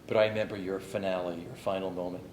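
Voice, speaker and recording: A man's voice: low voice, little pitch movement, quick pace, darkish tone, reverberant, a little hiss or hum, rough recording. A man hosting an interview, asking questions and giving brief, encouraging replies. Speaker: interview host.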